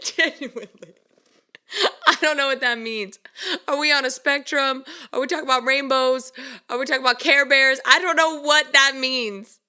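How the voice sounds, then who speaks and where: Woman, high voice, casual storytelling vlog, animated, laughs a lot. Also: moderate pace. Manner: animated, laughs often while telling stories. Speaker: vlogger and music creator.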